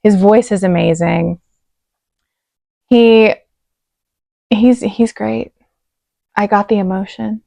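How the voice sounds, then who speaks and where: This reaction-video host speaks very slowly in a slightly high, creaky, dark-toned voice, pausing often. Close to the mic with no room sound, she's choked up and emotional, gushing casually and saying "like" a lot.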